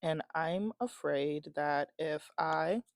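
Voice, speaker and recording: A young woman vlogs casually from inside her home, her low voice unhurried as she rambles, restarts her sentences and often giggles. The recording is dry and studio quality.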